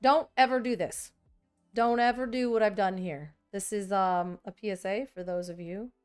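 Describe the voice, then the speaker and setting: Sorting through trading cards to build a deck, this content creator talks to her audience in a fairly low, slightly mellow voice with clean audio. Her vlog chatter is rambling and self-mocking, sprinkled with quick bits of pretend dialogue.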